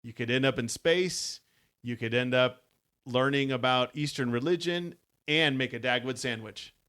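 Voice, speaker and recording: Male co-host, mid pitch, relaxed reader, casual podcast tone. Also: moderate pace, smooth. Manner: easygoing, chuckling. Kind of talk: casual chat and reading aloud from a story book.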